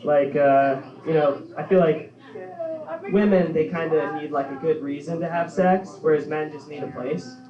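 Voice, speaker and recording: Young guy doing standup, kinda high voice, lots of ums, far off in a boomy club w/ crowd laughing. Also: steady tone. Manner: halting, filler-heavy, offhand delivery. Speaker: stand-up comedian. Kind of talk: stand-up set. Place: comedy club stage. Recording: echoey, dull room recording from far off. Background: audience laughter.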